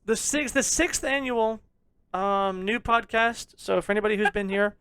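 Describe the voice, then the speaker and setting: A young man rants on a podcast with a loud, jokingly abrasive edge. He swears freely and teases his listeners. The recording is close and dry. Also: high voice, normal speed, clear, resonant tone, no echo. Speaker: podcast co-host. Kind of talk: casual ranting review chat.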